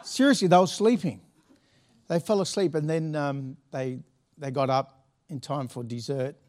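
A man's voice: on the high side, normal speed, a little mellow, slight background noise. A middle-aged man, a pastor telling a story from the pulpit in a chatty, laughing way with many restarts. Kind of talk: sermon anecdote.

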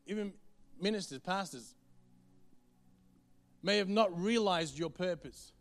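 A man's voice: sits high, a bit bright, clear, resonant tone. A man preaching a sermon in an earnest, conversational way. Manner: earnest, conversational, quick to the point.

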